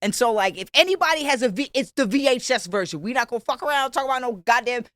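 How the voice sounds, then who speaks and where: A young woman co-hosting a podcast, telling crude jokes in casual, animated chat. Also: a little high, fast, no echo. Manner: crude, joking, animated storytelling. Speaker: podcast co-host.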